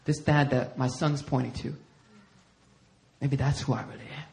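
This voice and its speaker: A middle-aged male pastor preaching a sermon. He tells stories against himself in an animated way and acts out what other people said. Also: medium pitch, moderate pace, vocal fry. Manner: animated self-deprecating storytelling, acting out others' lines. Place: church sanctuary.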